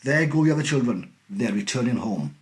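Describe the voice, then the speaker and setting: A man voicing a cheerful, eccentric factory owner who talks in brisk, gleeful exclamations. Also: mid-range voice, expressive, close to an everyday voice.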